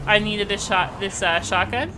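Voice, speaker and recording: A woman's voice: mid-range voice, normal speed, noisy background. A young woman, chatting casually and encouragingly as she streams a game. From Canada. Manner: bubbly, encouraging, laughs often. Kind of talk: casual gaming chat.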